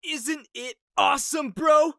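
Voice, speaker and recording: A man voicing a cocky, excited young adult brother who shouts in a high, grinning voice. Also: moderate pace, dry recording, clean studio sound, heavily acted. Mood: excited shouting.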